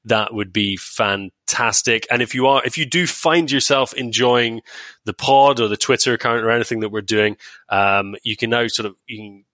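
A man's voice: mid-range voice, normal speed, sharp tone, no echo. A man hosting a casual podcast, wry and chatty, with plenty of ums. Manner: wry, chatty, reading out plugs with many ums. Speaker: podcast host.

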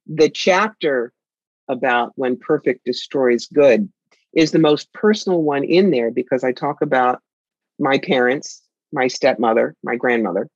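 A woman's voice: very deep voice, breathy edge, no room sound, dull audio. A woman guest telling personal family stories candidly and reflectively in conversation. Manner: candid, reflective, with lively emphasis. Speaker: author and guest.

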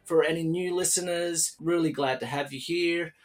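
A man's voice: fairly high pitch, steady tone, moderate pace, faint music behind. A young Australian man hosting a casual podcast interview, upbeat and chatty, with plenty of fillers and restarts. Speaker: podcast host.

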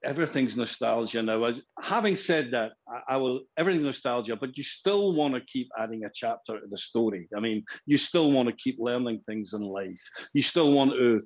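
A man's voice: medium pitch, animated, a little fast, dull audio. A man in his sixties, a musician guest in a casual interview, talking in a rambling way with frequent restarts and fillers.

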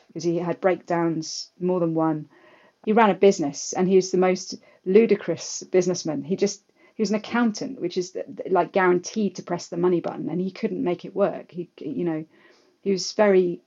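Chatty woman telling stories. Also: lowish voice. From England, London. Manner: lively, anecdotal, quick asides. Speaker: guest. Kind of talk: casual storytelling interview. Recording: slightly dull lo-fi audio.

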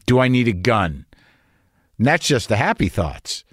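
A man's voice: mid-range voice, sing-song, unhurried, dry recording, studio quality. A man hosting a podcast, talking in a rambling, anxious, profane comedic monologue. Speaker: podcast host.

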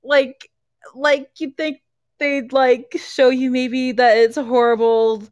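A young woman with a high voice talks slowly and easily over a dry, close mic. She laughs often and keeps a casual, giggly tone. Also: flat delivery, a little mellow, no room sound, highs cut off. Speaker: podcast co-host. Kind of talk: casual chat.

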